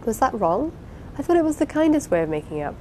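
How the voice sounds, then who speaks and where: A woman reading the part of an impulsive, warm-hearted young wife in an audiobook, with an eager, pleading, apologetic manner. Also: on the high side, very animated, quick pace, a little hiss or hum, pitched above the performer's own voice, rough recording. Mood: anxious.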